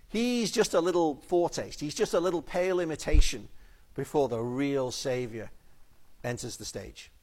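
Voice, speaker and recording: A man preaching a sermon in an earnest, pleading way, often dropping to a soft, intense tone on key phrases. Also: fairly high pitch.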